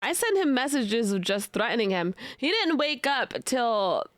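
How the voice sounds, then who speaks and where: A woman's voice: on the high side, big pitch swings, normal speed, fairly bright tone, no room sound, clean studio sound. A young woman streaming, chatting casually with her viewers in a playful way and often slipping into mock outrage. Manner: many fillers and restarts. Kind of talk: casual chat reacting to live chat.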